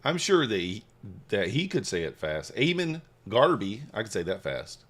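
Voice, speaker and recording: A man with a low voice that swings widely and animatedly in pitch, chatting casually with his livestream viewers from a home trading setup. He hypes people up with loud shout-outs, then drops into quiet mumbling about his trades. It sounds loose, unscripted and friendly, like someone talking into a desk microphone. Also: moderate pace. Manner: hypes viewers, reads chat aloud, shifts from excited shouts to mumbling. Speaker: livestream host, futures trader.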